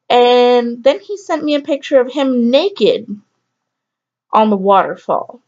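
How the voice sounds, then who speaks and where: A woman's voice: a little high, expressive, slow, darkish tone. Candid, rambling woman vlogger. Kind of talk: casual storytelling to camera. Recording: slightly dull lo-fi audio.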